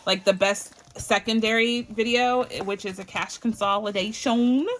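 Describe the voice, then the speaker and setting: A woman from Barbados talks through her budget in a casual home vlog. She is chatty and easily excited, laughs often, and counts bills out loud at a steady, ordinary pitch. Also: unhurried. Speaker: budgeting channel host. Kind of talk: casual cash-stuffing vlog.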